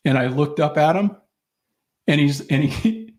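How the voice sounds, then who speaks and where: A man's voice: fairly high pitch, measured pace, darkish tone. A middle-aged man co-hosting a podcast, rambling through casual stories with lots of swearing and acted-out quotes. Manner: rambling storyteller, profane, acts out quoted people. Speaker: podcast co-host. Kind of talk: casual chat.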